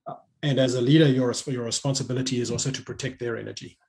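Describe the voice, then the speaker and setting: A man's voice: medium pitch, steady tone, very fast, vocal fry, a little mellow. A middle-aged man talking reflectively as a guest, often restarting his phrases and laughing easily. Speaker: guest speaker. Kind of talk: conversational online talk.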